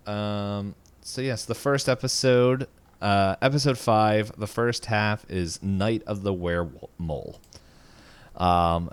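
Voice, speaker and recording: Podcast co-host, male, low and smooth voice, rambling casual recap full of fillers and chuckles.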